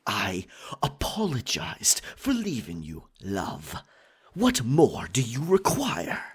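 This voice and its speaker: A man voicing an obsessive, possessive male pirate captain in a whispered role-play, breathy and intense, alternately doting and scolding. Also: medium pitch, wildly swooping pitch, slow, full character voice. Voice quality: husky, breathy. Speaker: ASMR role-play performer.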